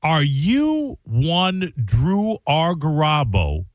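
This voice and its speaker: A man's voice: fairly high pitch, huge pitch swings, extremely slow, no echo, clean studio sound. A man co-hosting a radio show, teasing the host and laughing often in casual banter.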